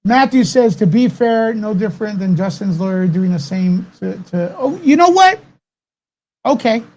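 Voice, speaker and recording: A man's voice: high voice, lively intonation, normal speed, darkish tone. A man hosts a live commentary stream and rants to his viewers. He curses freely, trips over his own restarts, and keeps circling back to the same point. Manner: heated, profane, rambling with restarts.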